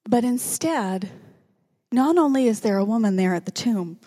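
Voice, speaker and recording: A woman's voice: fairly high pitch, animated, moderate pace, mellow. A woman preaching a sermon in a conversational, joking manner, dropping to a whisper at dramatic moments.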